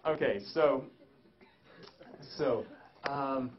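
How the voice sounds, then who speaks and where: Male seminar speaker, mid-pitched, loose and rambling with frequent restarts, slightly dull recording. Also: drawn-out words, crowd noise. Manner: rambling, many restarts and fillers. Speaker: seminar presenter. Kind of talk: live seminar talk.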